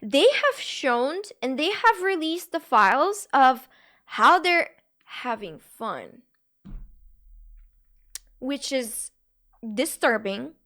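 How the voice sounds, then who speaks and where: A young woman from Bulgaria, a live streamer, talking to her chat in a halting, earnest and emotional way. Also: high voice, very animated, pushed and bright.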